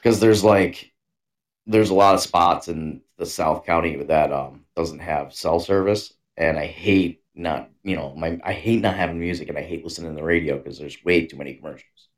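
A man's voice: sits low, normal speed. A man co-hosting a casual podcast, easygoing and rambling, chuckling mid-sentence. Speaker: podcast co-host. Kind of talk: casual chat.

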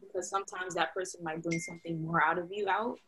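A woman's voice: fairly low pitch, steady tone, quick pace, a bit bright, slight background noise, low-quality recording. A woman in a casual group discussion who starts with "um" and leans on key words. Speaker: discussion participant.

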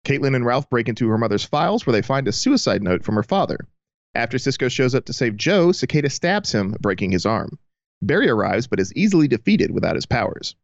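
A man's voice: medium pitch, big pitch swings, fairly quick, dry recording. A man co-hosting a fan podcast, summarizing an episode and chatting in an easygoing way. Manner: laughs readily, easygoing. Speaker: podcast co-host. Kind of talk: casual fan discussion. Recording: dull lo-fi sound.

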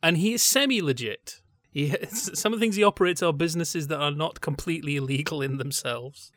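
A man's voice: a little high, fairly quick, fairly bright tone, dry recording, clean studio sound. A man co-hosting a podcast, talking in a thoughtful, discursive way that drifts from point to point. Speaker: podcast co-host.

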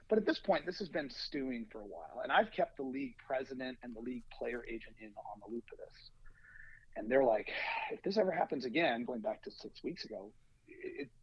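Guy coaching little league telling a wild story, husky voice, dry dull mic. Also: medium pitch, no echo. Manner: animated anecdote, acting out quoted lines. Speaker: youth baseball coach. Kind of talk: storytelling on a podcast.

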